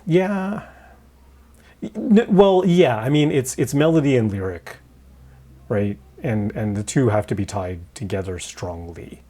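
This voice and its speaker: Warm-voiced man, halting and repetitive. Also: medium pitch. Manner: halting, repeats words often, laughs lightly. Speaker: podcast co-host and songwriter. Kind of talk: casual roundtable discussion.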